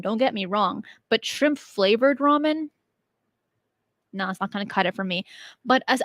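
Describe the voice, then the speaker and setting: A woman's voice: a little high, dry recording. A young woman hosting her channel, chatting casually and animatedly as she answers viewer questions. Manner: chatty, animated, laughs easily. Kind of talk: casual chat.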